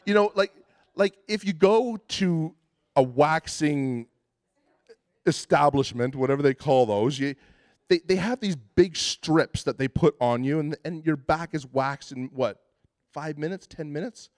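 Male preacher, relaxed storytelling delivery with false starts, slightly raised pitch, dry recording. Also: a little slow, no room sound. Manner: conversational and self-deprecating, with frequent restarts. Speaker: pastor. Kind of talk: sermon.

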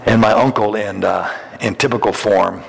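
A man's voice: fairly low pitch, steady tone, moderate pace, vocal fry, husky. A middle-aged man preaching a sermon, telling folksy stories with chuckles and frequent restarts. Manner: folksy, chuckles through anecdotes, many restarts. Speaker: pastor. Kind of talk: sermon with storytelling. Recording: long hall reverb.

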